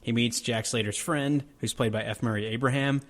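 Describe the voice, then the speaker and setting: Relaxed young man on a movie podcast. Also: mid-range voice, brisk, a little hiss or hum. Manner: enthusiastic, relaxed and conversational. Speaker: podcast co-host. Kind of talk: casual movie podcast chat.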